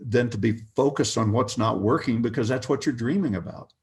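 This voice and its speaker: Older male guest, remote interview, warm storyteller energy, chuckles often, mid pitch. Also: a little fast. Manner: animated, chuckling anecdotes.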